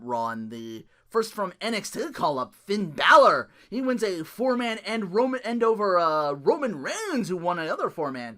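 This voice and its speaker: A man hosting a solo recap podcast, talking in an animated, ranting way, laughing often and swearing freely. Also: a little high. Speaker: podcast host.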